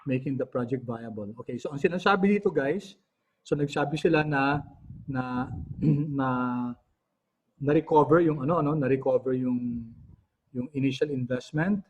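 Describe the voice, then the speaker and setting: A Filipino-accented man teaches an online class in a halting way, full of fillers and the odd cleared throat. His voice is mellow and a little husky. The audio is dull and lo-fi. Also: medium pitch.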